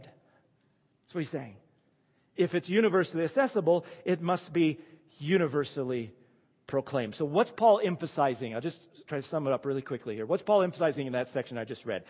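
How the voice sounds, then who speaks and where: A man preaching a sermon and reading scripture aloud. He is emphatic and swings between loud declarations and hushed asides. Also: fairly high pitch, lively intonation, fairly quick, breathy edge, long reverb tail.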